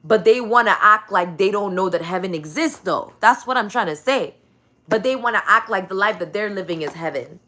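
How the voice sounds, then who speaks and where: A woman's voice: medium pitch, animated, a little fast, bright, forceful tone. A woman in a casual religious rant, profane and emphatic, repeating her key phrases.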